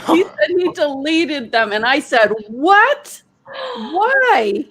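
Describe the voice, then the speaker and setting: A woman, a retreat leader, telling a story in casual chat with animated, laughing delivery. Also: unhurried. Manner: animated, laughing, quoting others in high voices. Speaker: energy healer and retreat leader.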